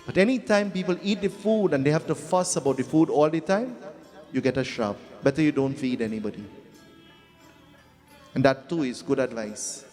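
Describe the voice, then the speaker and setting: A man's voice: medium pitch, normal speed, darkish tone. A man with a Trinidadian accent, a pundit giving a folksy, humorous devotional sermon full of repeated phrases. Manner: folksy, humorous, repetitive storytelling. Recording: echoey hall with faint music.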